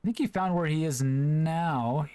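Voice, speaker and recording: A male commentator calls an online geography game in a relaxed, chatty way, with plenty of small fillers. His voice sits a little higher than usual. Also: measured pace, clear, resonant tone. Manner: easygoing, chatty, with frequent fillers. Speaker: esports commentator. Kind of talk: play-by-play commentary.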